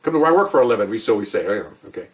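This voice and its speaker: Male police officer telling stories, brisk and rambling, a bit far from the mic. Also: lowish voice, lively intonation. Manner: rambling, conversational, acts out quoted dialogue. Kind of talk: casual spoken storytelling. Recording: voice distant from the mic.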